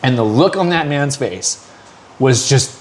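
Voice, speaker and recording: At medium pitch and a measured pace, the host of a podcast tells a long story in casual chat. He swears often, bringing the story's people to life with animated, acted quotes.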